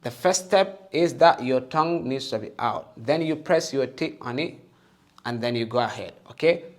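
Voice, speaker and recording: A man gives a slow, patient lesson on the Arabic alphabet and Quran reading, encouraging learners, often asking "okay?" and loudly sounding out each letter for them to repeat. His voice is medium in pitch and moderate in pace.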